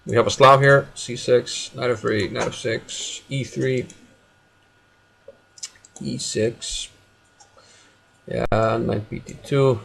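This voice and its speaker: A man's voice: medium pitch, steady tone, takes it slowly, vocal fry, pauses often, fairly bright tone, slight background noise. A man with an Icelandic accent giving live chess commentary, calling out moves in short bursts.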